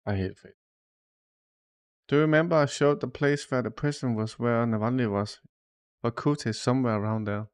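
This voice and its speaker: A man's voice: medium pitch, brisk, long pauses, clear, resonant tone, dry recording, clean studio sound. A man live streaming and chatting casually about the news, loose and swearing, calling his viewers "dude" often. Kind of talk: casual chat.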